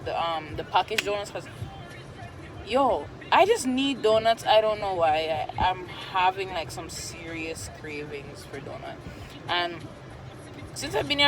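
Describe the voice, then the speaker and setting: A young woman with a Jamaican accent, rambling and chatty as she vlogs casually to her viewers. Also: on the low side. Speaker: vlogger. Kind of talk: casual vlog chat. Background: music.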